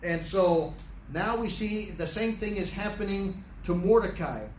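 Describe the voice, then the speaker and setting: A man's voice: sits high, measured pace, a little mellow. A man teaching a Bible study in a conversational way, retelling the scenes with many restarts. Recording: echoey room, distant mic, faint noise.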